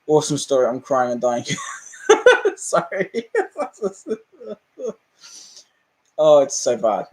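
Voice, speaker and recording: A man with a high, bouncy voice that swoops all over the place as he rants on a livestream. He laughs often and swears freely, his tone jumping between exasperation and amusement. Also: very slow, long pauses. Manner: animated ranting, laughing and swearing. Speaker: livestream host. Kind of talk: casual livestream chat.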